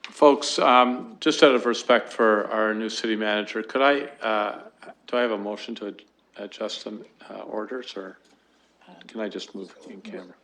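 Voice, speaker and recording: A man's voice: on the low side, fairly even intonation, moderate pace, fairly bright tone. A man chairing a council committee meeting, speaking hesitantly with fillers into a desk microphone in a council chamber.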